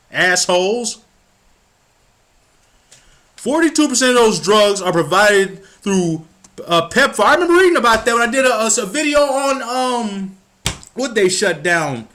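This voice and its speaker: A man from the United States delivers an angry political rant, cursing and stumbling over his words as he gets heated. His voice sits high and sounds bright and tense. His pitch swings widely from line to line. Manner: stumbles and restarts when worked up. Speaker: political commentator.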